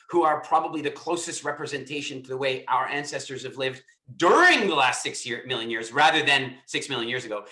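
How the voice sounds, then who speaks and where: A man's voice: on the high side, bright, forceful tone, reverberant. A man in his fifties leading a group call, talking in an emphatic, informal teaching way and often stammering over repeated words. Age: 50s. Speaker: coach hosting a group call.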